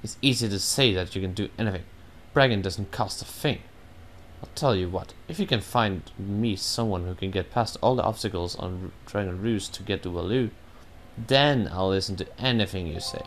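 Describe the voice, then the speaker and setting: Proud, sulky bird-boy prince from a game, read by a man, low-voiced, grumbling. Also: normal speed, a little hiss or hum.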